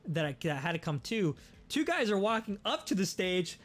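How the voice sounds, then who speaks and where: A young man hosting a podcast, telling a story in a casual, animated way, swearing often and restarting his sentences. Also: sits high, fairly quick, faint music behind. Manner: animated, profane, many restarts. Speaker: podcast host.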